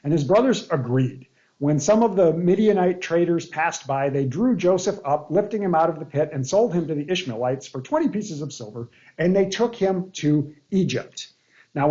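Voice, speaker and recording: A pastor leads a relaxed Bible study lesson, his man's voice sitting a little higher than most. He reads passages aloud, then drops into casual asides and jokes and asks the group questions. The recording is muffled and lo-fi. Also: echoey room.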